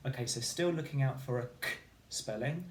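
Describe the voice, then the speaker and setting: A male primary teacher leads a phonics lesson, speaking in a clear, encouraging voice and drawing out each letter sound slowly. His voice is recorded in a roomy space with a noticeable echo. A faint hiss sits underneath. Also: mid-range voice.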